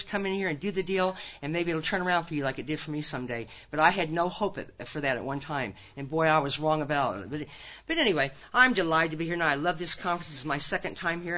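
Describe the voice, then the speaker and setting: An older woman from Nebraska talks fast and folksy, speaking straight to a big crowd. Her voice is bright and forceful. The recording sounds dull and lo-fi. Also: deep voice. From Nebraska, USA. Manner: folksy and animated, direct asides to listeners. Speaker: conference speaker. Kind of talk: recovery talk to a large audience.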